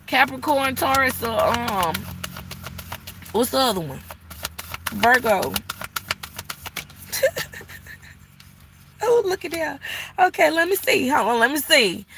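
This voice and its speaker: A woman's voice: fairly high pitch, very animated, slow pace, long pauses, noisy background. A woman giving a live-stream tarot reading, sassy and blunt, cursing freely and scolding the viewer like an auntie. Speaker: tarot reader.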